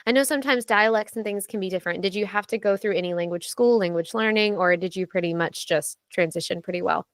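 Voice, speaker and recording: A woman's voice: medium pitch, fast, no echo. A woman hosting a casual podcast interview, asking questions with enthusiasm and friendly reactions. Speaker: podcast host interviewing missionaries.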